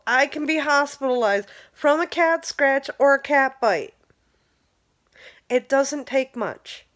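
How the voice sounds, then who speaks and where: A woman's voice: fairly high pitch, a bit bright. A young woman venting an angry personal rant, heated and exasperated, swearing often. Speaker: vlogger.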